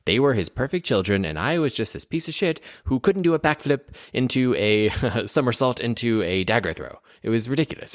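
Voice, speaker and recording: A young man playing a tabletop game who complains in character and narrates the scene, often exasperated and whiny, with sudden high squeaks. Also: no room sound, clean studio sound. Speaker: player.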